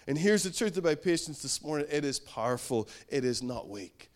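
A middle-aged man preaching a sermon in an earnest tone, his voice sitting a little higher than most men's. He builds to emphatic bursts, then drops low and slows down to let a point land. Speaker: pastor.

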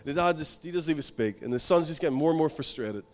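A man's voice: fairly high pitch, lively intonation, fast talker. A male pastor preaching a sermon in an earnest, conversational way, telling a story and repeating his points. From outside America.

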